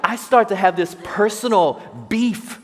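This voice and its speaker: Storytelling pastor in a big reverberant hall. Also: male voice, sits high, measured pace. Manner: jokey storyteller, asks the congregation questions. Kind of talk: sermon with personal stories. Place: large church sanctuary. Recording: long church hall reverb.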